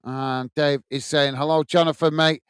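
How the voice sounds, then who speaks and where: A man from the UK hosting a live football watch-along, calling the play and warmly greeting viewers by reading their chat messages aloud. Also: fairly high pitch, fairly even intonation, normal speed, clear, resonant tone, no room sound. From United Kingdom. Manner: friendly, reads viewer comments aloud and greets them.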